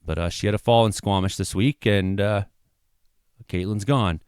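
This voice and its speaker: A middle-aged man from Canada, a local weather vlogger, giving an earnest, halting apology that swells into impassioned outbursts. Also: on the low side, a little mellow, clean tone, no echo, studio quality. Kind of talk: emotional apology monologue. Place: his home.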